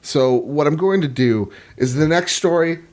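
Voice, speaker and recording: A man co-hosting a casual gaming podcast, talking in an excited, slangy, playful way. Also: a little high, normal speed. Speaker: podcast co-host.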